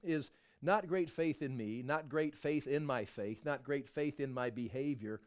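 A middle-aged man preaching a sermon, telling Bible stories with lively acted-out voices. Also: mid-range voice, measured pace. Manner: animated storytelling, acts out voices of biblical figures. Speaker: pastor.

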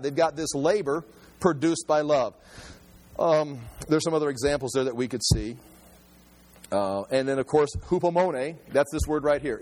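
A man preaching a Bible teaching sermon in an animated, emphatic way, often repeating his phrases. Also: fairly high pitch. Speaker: pastor. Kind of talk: expository sermon.

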